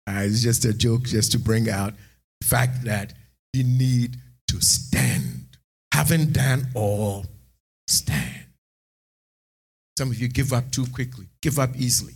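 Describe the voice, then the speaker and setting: A man preaching a sermon in church, animated, moving between hushed asides and shouted lines. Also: mid-range voice, takes it slowly, long pauses, husky. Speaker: pastor.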